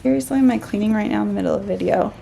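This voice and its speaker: A woman vlogging a casual unboxing, gushing and excitable, often talking to herself. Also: medium pitch, racing, creaky, slight background noise.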